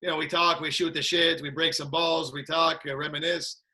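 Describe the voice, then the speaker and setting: Upbeat male guest from Canada, fast and lively, slightly high, bright tone. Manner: upbeat, laughs a lot, repeats "that's it". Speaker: guest, martial arts trainer. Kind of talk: casual chat.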